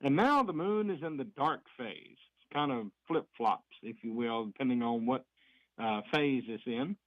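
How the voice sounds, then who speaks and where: A man's voice: medium pitch, lively intonation, moderate pace, no room sound. A man giving a folksy, chatty community report on a morning radio show. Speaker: fire district reporter on radio. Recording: dry, dull lo-fi radio sound.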